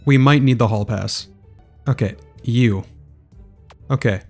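A man narrating his video game play in a loose, casual way, half talking to himself as he works out his next move. His voice sits at an average pitch, and soft music plays underneath. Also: slow pace. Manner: casual, muttering as he thinks aloud. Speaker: gaming video creator. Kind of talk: let's play gaming commentary.

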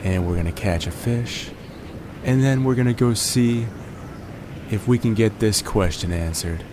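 A man with a groggy morning voice talks through his gameplay in a relaxed, joking way, narrating each step. His voice sits on the lower side. A steady noise runs under the recording. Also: unhurried. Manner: relaxed, jokey, narrates each move with puns. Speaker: gaming video host. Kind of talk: gameplay commentary.

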